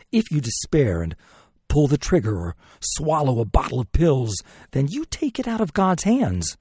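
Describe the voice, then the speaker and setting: A man preaching a sermon in an earnest, pleading way, often dropping low and soft on key words. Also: breathy edge, no echo, clean studio sound.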